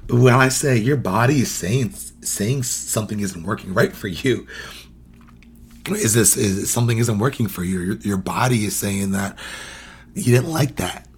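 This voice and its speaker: Husky man hosting a podcast. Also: fairly low pitch. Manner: conversational, quizzes listeners, laughs often, acts out quoted phrases. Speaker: podcast host. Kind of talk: casual teaching talk.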